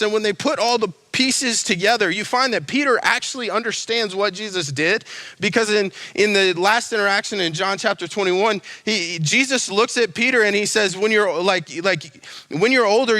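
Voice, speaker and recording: Young man, pastor, casual animated sermon, slangy, bright, dry close sound. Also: high voice, no room sound.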